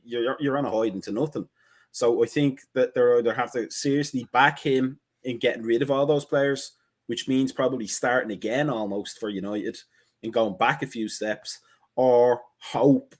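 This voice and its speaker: Male co-host, measured and wry, mid-range voice, casual chat. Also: mid-range voice. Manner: measured, wry, thinks aloud with restarts.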